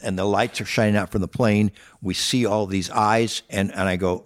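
An older man who plays guitar shares tales from life on tour in a lowish, steady voice at a moderate pace. The storytelling is casual and rambling, with restarts and impersonations of what people said.

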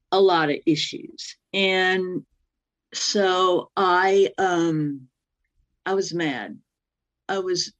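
A woman's voice: on the low side, highs cut off. A woman in her sixties telling a personal story as a guest, rambling and often circling back to her point. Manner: rambling, keeps circling back with "well, anyway".

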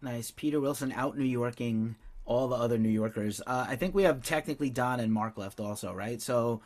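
A man's voice: medium pitch, brisk, a little mellow. A man hosting a podcast panel, moderating with brief, easygoing prompts. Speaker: podcast host.

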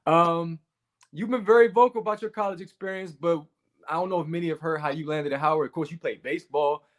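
A man's voice: a little high, fast. Easygoing male sports podcast host. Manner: relaxed, conversational, says man often. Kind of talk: casual sports talk interview.

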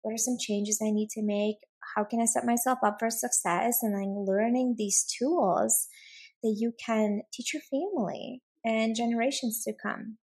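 A woman's voice: fairly high pitch, fairly even intonation, normal speed, darkish tone, slightly rough. A woman guest on a parenting podcast, talking earnestly and animatedly, full of "like" and "right?". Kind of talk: conversational interview.

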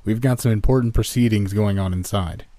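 A man's voice: lowish voice, brisk, dark tone, no echo, lightly acted. A man voicing a hesitant, nervous older male college dean in a story reading.

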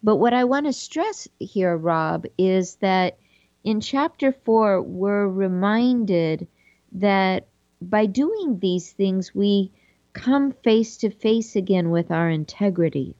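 A woman hosting a show, reading aloud from a book and reflecting on it in a gentle, thoughtful way. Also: mid-range voice, lively intonation, takes it slowly, no echo, dull audio. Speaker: podcast host.

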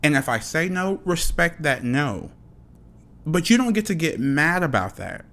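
A man's voice: on the high side, big pitch swings, measured pace, fairly bright tone. A man hosting a solo podcast, ranting frankly and passionately, swearing often and repeating himself. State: dry mouth. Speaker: podcast host.

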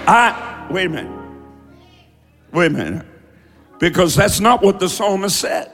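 Pastor, male, high voice, deliberate sermon delivery with call-and-response shouts, reverberant sanctuary. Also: sing-song, soft background music.

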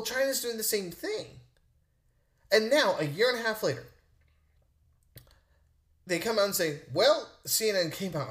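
A man hosting a podcast, ranting indignantly and mimicking others in mocking voices. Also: high voice. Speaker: podcast host. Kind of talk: opinion rant monologue.

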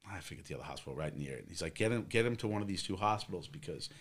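A middle-aged man with a fairly low voice tells a long personal story in a podcast-style conversation. He rambles, leans on fillers, and acts out the other people's lines as he goes. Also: lively intonation, very fast. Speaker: guest, former police officer.

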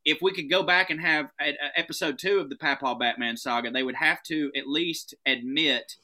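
A man telling comic stories in casual podcast talk, animated and profane, often laughing as he goes. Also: a little high, moderate pace. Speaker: podcast guest.

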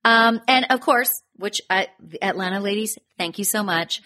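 A woman's voice: medium pitch, normal speed, bright, forceful tone. A woman co-hosting a podcast, recapping reality TV in casual, gossipy chat and swearing bluntly. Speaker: podcast co-host.

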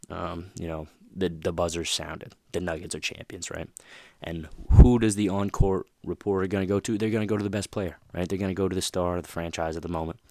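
A man's voice: low-pitched, darkish tone, no room sound. A man hosting a motivational podcast, talking casually with plenty of fillers and restarts. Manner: rambling, lots of fillers and you-knows. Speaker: podcast host.

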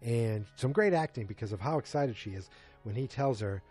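Mellow-voiced man rambling through a recap. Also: medium pitch, expressive, faint music behind. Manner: rambling, halting retelling. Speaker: TV episode recapper. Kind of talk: casual spoken episode recap.

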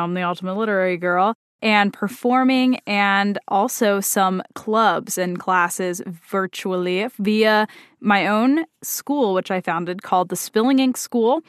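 A woman hosting a casual podcast chat, talkative and quick to laugh. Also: medium pitch, a bit bright, smooth, no echo, studio quality. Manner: chatty, laughs easily. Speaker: podcast host.

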